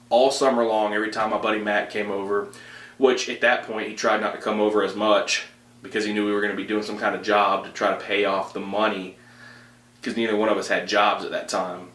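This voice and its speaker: A young man hosting a podcast, telling a story in a casual, animated way with frequent fillers and laughter. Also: fairly low pitch, roomy sound. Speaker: podcast host.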